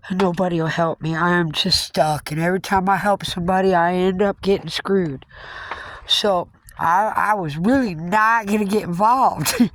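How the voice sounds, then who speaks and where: A woman's voice: on the low side, no echo. A woman tells a story in a casual vlog. She is blunt and chatty and talks in a folksy, storytelling way. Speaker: vlogger.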